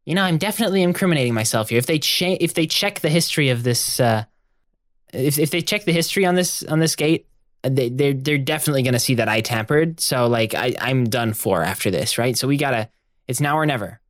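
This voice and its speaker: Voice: medium pitch, fast, no room sound, studio quality. A player in a tabletop game narrating and chatting in a rambling, laughing way. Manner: rambling, laughing, many restarts.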